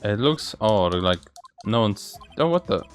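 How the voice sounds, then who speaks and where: A man's voice: animated, measured pace, faint music behind. A man hosting a let's play, reading the game's characters aloud in shifting voices. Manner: reads lines for several game characters with shifting pitch. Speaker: gaming channel host.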